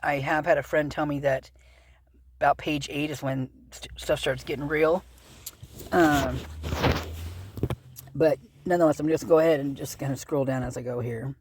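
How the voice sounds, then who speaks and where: A woman's voice: sits low, fairly even intonation, normal speed, pauses often, slightly rough. A woman hosting a true-crime channel, reading through a legal document aloud in a casual, rambling way with many fillers and self-corrections.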